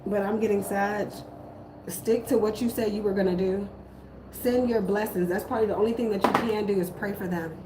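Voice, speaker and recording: A woman's voice: medium pitch, fairly even intonation, fairly quick. Emphatic woman reading tarot. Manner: emphatic, repetitive warnings. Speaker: tarot reader. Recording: echoey room, faint background noise.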